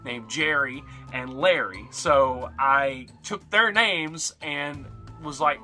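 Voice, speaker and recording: Young male YouTuber, bright and fairly high voice, animated retrospective voice-over, faint music underneath. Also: slow pace. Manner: animated, jumpy emphasis. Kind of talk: retrospective narration.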